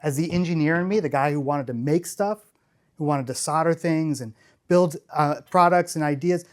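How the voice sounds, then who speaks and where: A man's voice: on the high side, moderate pace. Enthusiastic middle-aged man telling stories on stage. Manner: enthusiastic, rambling, frequent restarts. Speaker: conference speaker. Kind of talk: storytelling keynote talk.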